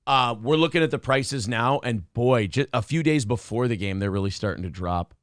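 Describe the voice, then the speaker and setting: A man in a dry, close-miked room hosts a loose morning podcast. He talks bluntly and swears freely, telling stories with animated swings and reading viewer messages in between. His voice sits at an ordinary middle pitch. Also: normal speed, no echo. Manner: blunt, profane, animated storytelling. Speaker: morning show host. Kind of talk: casual podcast banter, reading super chats.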